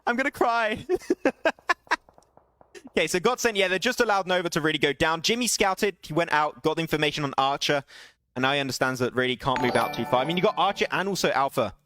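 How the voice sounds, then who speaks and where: A young man casting an online shooter match alone, excitable, his voice jumping up on big plays and laughing at himself between calls. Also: a little high, fast. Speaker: esports caster streaming solo. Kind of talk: live game commentary with chat asides.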